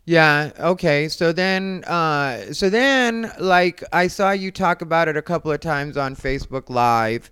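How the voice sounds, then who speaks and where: A man's voice: on the high side, animated, unhurried, few pauses, a bit bright, clear, resonant tone. A man hosting a casual interview, mostly giving short acknowledgments and asking loose follow-up questions. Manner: brief backchannel replies, loose questions. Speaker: podcast interviewer.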